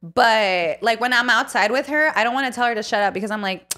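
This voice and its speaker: A woman's voice: a little high, a little fast, bright, forceful tone. A young woman co-hosting a podcast, telling a story in casual chat, swearing freely and dropping into Spanish phrases. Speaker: podcast co-host.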